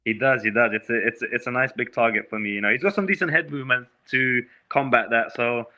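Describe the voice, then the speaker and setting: A man's voice: mid-range voice, fast, bright, forceful tone, lo-fi sound. A young man, a fighter, answering questions in a casual video-call interview, speaking emphatically and often calling the host bro. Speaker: MMA fighter.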